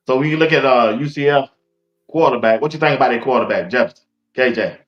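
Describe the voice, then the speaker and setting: A man's voice: mid-range voice, quick pace, lo-fi sound. A man hosting a sports talk show, laid-back, laughing along and asking questions. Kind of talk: casual sports chat.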